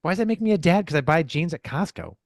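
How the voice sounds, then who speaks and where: A man's voice: fairly high pitch, expressive, quick pace, dry recording. Man, podcast co-host, playful, stumbles over names, dry close mic. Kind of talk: casual podcast chat.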